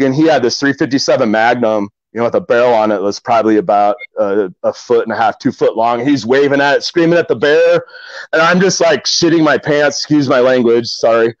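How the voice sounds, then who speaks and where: A man's voice: medium pitch, fairly quick, dry recording, dull audio. A middle-aged man from Omaha, a kayak angler, tells stories casually in a podcast interview, rambling with many fillers and restarts.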